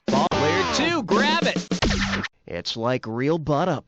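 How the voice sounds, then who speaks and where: Wisecracking male quiz host, lively delivery, lo-fi game audio over loud music. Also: on the high side, exaggerated voice. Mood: snarky. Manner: snarky, rapid-fire jokes, taunting players. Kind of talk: video game voice acting.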